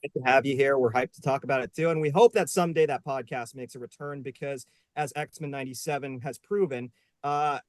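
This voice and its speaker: A man's voice: mid-range voice, steady tone, fairly quick, no echo. A man hosting a live online panel show, upbeat and joking, with many fillers. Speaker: host. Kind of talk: casual live panel chat.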